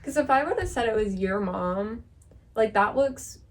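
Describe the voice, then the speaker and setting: A woman's voice: fairly high pitch, animated, a little slow. A young woman co-hosting a podcast, telling stories in casual chat with lots of fillers and laughter. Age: young adult. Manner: laughing storyteller, filler-heavy. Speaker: podcast co-host. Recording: distant mic with faint noise.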